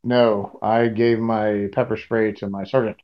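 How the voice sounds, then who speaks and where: A man's voice: on the low side, flat delivery, a little slow. Guy joking around at a game table, muffled lo-fi mic. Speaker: player. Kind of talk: casual game chat.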